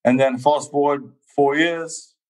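A man's voice: fairly high pitch, unhurried, rough recording. A man from England, in his thirties, telling his life story in a casual chat and acting out quoted voices. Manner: animated, acts out quoted voices. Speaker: guest athlete.

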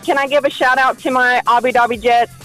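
A woman's voice: high-pitched, fairly even intonation, fast talker, fairly bright tone, soft background music, rough recording. A woman from Florida calling into a radio show, chatty and grateful. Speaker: caller. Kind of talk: call-in chat.

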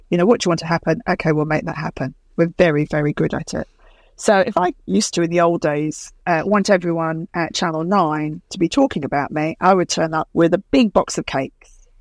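A middle-aged woman TV producer telling stories in an interview, animated and laughing as she acts out what others said. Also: on the low side, no echo. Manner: animated anecdotes with laughter and acted-out quotes. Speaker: TV producer guest. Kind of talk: podcast interview storytelling.

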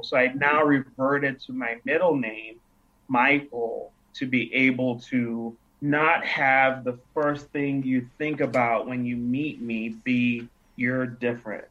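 In a dull lo-fi recording, a Nigerian guest in his thirties tells stories slowly and thoughtfully in a relaxed interview, acting out what people said. His voice is medium-pitched, steady, and fairly bright.

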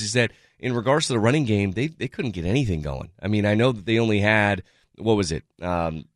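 A man with a fairly low voice breaks down football on a sports talk radio show. He rambles, restarts his sentences and leans on "you know" and "I mean". The sound is dry and close to the mic. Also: no echo.

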